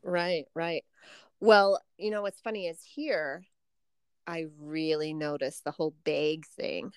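A woman co-hosting a podcast in casual chat, animated and quick to laugh. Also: low voice, clear, resonant tone, no echo, clean studio sound. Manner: chatty, laughs often, animated. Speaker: podcast co-host.

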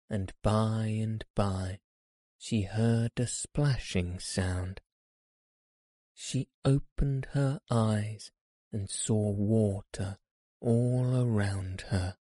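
Slow, low-voiced male storyteller. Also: steady tone, warm tone, no echo, clean studio sound. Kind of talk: reading a children's story aloud.

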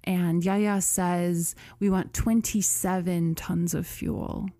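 A woman hosting a podcast, telling a story in a casual chatty way, full of "like" and "you know" and quick laughs. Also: fairly low pitch, fairly even intonation, warm tone, no room sound. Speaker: podcast host.

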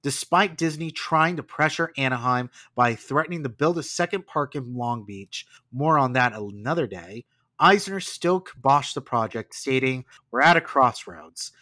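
A man's voice: mid-range voice, normal speed, no room sound. A man hosting a podcast, narrating history casually with wry asides. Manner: animated storytelling with asides and laughs. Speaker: podcast host.

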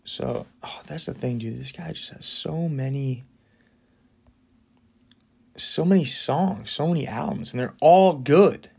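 A man hosting a solo podcast in a casual, opinionated way, talking fast with excited bursts. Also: medium pitch, vocal fry, breathy edge. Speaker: podcast host.

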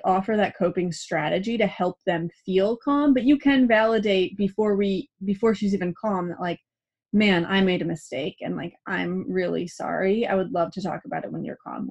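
On a muffled recording, a young adult woman with a mid-range voice hosts a parenting show, offering advice in a casual, chatty way. She says "like" often and performs the dialogue she quotes.

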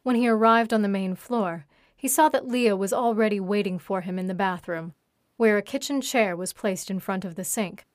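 A woman reads a scripted erotic story aloud at a normal speed in steady, even narration, her voice at an ordinary middle pitch. The recording is dry and close, with no room sound or echo.

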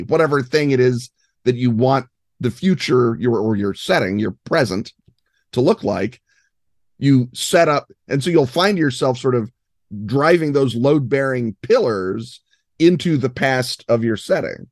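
Man, podcast guest, erudite and expansive, dry close mic, mid pitch. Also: lively intonation, moderate pace, no echo. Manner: expansive, erudite, hesitant fillers. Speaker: guest game designer. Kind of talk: podcast interview.

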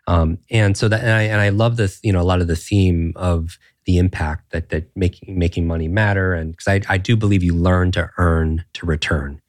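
A deep-voiced man talks as a podcast guest, earnest and animated, circling back through restarts and rhetorical questions. The sound is dry and close, with no room echo. His motivational storytelling runs at a conversational pace. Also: fairly quick, hardly any pauses. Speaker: podcast guest, brain coach.

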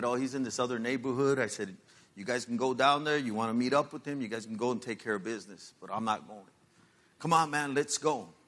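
Bright-voiced Chicano pastor telling his story. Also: medium pitch. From Los Angeles, USA. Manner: street slang, rising to loud emotional peaks. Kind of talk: sermon testimony.

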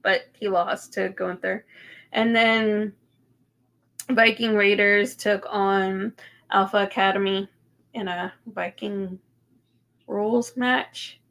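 Woman, thirties, bright tone, casual podcast chat, lots of ums, swearing. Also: mid-range voice, fairly even intonation, slow pace, creaky, pauses often. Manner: chatty, swears freely, many ums. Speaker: podcast co-host.

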